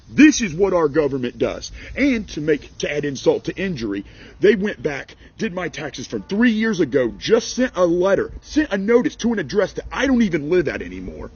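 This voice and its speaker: A man's voice: fairly high pitch, big pitch swings, normal speed, darkish tone, husky, muffled recording. An angry man, a farmer and small business owner, ranting to camera in a heated, indignant, exasperated way.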